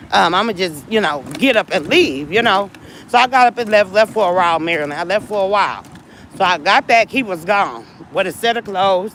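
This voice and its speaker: A woman's voice: mid-range voice, low-quality recording. A woman talks straight to her viewers, venting a long personal story with many repeats and asides. She sounds upset and worn down. Faint traffic hums behind her outdoors. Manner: rambling, repeats herself, addresses viewers directly. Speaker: vlogger talking to viewers.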